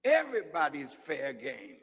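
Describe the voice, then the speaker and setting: A man preaching a sermon, teasing and conversational, dropping to hushed asides and then rising to shouts. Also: fairly high pitch, huge pitch swings, moderate pace, husky. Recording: long hall reverb.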